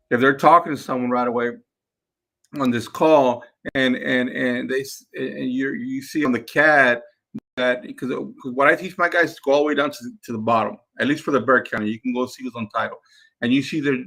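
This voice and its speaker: A man's voice: medium pitch, normal speed. A man coaching his team in a casual talk, repeating himself and acting out phone calls with sellers. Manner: energetic, repeats words, acts out phone calls. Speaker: real estate investing coach.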